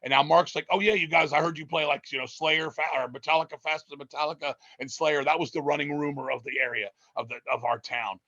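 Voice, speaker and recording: Profane, rambling man with a bright voice. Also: a little high, quick pace, few pauses, no echo, highs cut off. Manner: profane, rambling, animated storytelling. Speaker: interviewee, metal musician. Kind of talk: casual storytelling interview.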